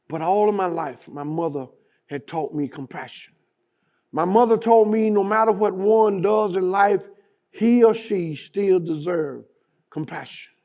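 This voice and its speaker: A male guest speaker tells a story slowly and dramatically. His voice is gravelly and mellow, a little high for a man. He delivers it with deliberate weight. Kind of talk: storytelling speech.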